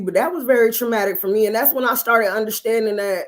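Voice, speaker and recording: A woman's voice: on the high side, fast. A woman singer and actress, a guest on a live-stream interview, telling her story in an earnest, reflective way.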